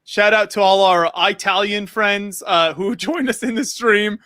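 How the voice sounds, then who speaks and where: A man's voice: sits high, measured pace, bright, forceful tone, dry recording, clean studio sound. An American man hosting a casual video call chat, easygoing, with stumbling fillers. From United States. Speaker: show host.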